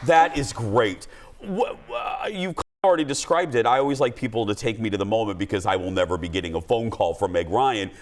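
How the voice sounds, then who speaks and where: A man hosting a lively talk show, chatting fast and turning to the audience with asides. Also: on the low side. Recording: studio with audience and noise behind.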